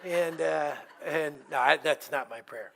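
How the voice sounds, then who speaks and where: A man's voice: on the high side, a little slow, gravelly, fairly bright tone. A middle-aged man preaching as a guest pastor in a church, telling humorous, conversational stories. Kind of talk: storytelling sermon.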